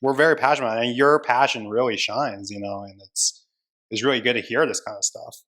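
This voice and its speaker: A man's voice: mid-range voice, fast talker, sharp tone, low-quality recording. A man hosting a casual interview, mostly giving short backchannels and supportive remarks. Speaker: interview host.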